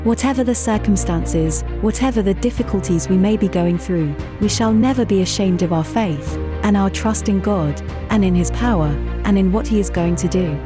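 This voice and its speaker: A woman reads a scripted programme introduction in a calm, sincere voice of middle pitch. Music plays clearly beneath her throughout. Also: moderate pace, hardly any pauses. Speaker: programme announcer. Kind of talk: scripted announcement. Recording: voice over clear background music.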